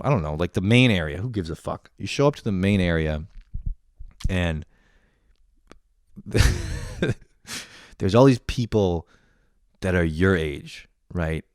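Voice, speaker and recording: A man's voice: sits low, smooth, no room sound, clean studio sound. A young man ranting comedically, swearing a lot and laughing often. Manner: profane, animated, laughs often. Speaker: host. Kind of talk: comedic monologue rant.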